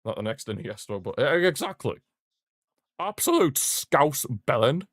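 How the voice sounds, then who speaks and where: A man's voice: lowish voice, no room sound. Male streamer, casual partisan football commentary, blunt trash talk, dry close mic. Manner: partisan, blunt, mocking the rival team. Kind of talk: casual live fan commentary.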